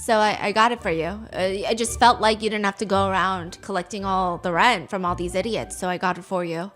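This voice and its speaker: A woman voicing a strange, deadpan young male actor who talks low and unbothered. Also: fairly quick, soft background music, close to an everyday voice.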